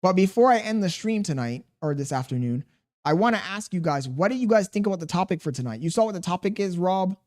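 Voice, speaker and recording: Young guy streaming, reads chat out loud and riffs back, relaxed and chuckly, throat a bit sore, voice sits kinda high for a guy. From Chicago, USA. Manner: laid-back, chuckling, drifts between slow and quick talk. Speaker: live streamer. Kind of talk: casual stream chat, reading viewer comments aloud.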